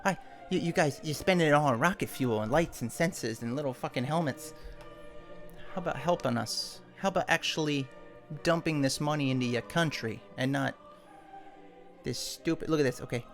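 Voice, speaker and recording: A man's voice: on the high side, normal speed, soft background music. A man live-streaming, reading news articles aloud and breaking off into irritated, swearing asides. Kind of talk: ranting news commentary.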